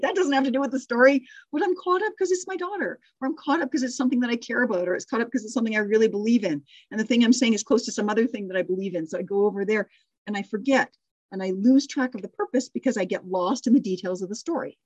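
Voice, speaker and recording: Leading a live online course on storytelling, a middle-aged instructor with a mid-range voice compliments students and works through ideas aloud, restarting and laughing softly. The recording is dry.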